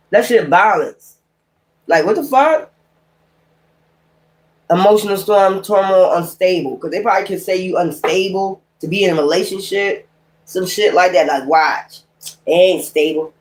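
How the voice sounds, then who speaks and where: A woman's voice: on the low side, measured pace, long pauses, a little mellow. A woman giving a casual tarot card reading in a blunt, exasperated, profane manner, with slangy, rambling street talk. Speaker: tarot reader.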